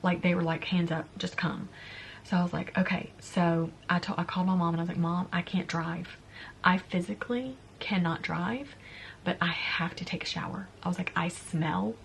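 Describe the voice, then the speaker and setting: Hushed, gravelly young woman. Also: lowish voice, steady tone, normal speed, a little hiss or hum. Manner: soft, confiding, drops to a hushed near-whisper. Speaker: beauty vlogger. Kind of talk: storytime vlog.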